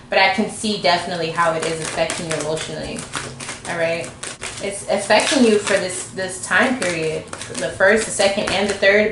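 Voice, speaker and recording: Chatty woman reading tarot in an echoey room. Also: on the low side. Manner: chatty and informal, acts out the viewer's thoughts. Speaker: tarot reader. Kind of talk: casual tarot reading to camera. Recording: echoey room, faint background noise.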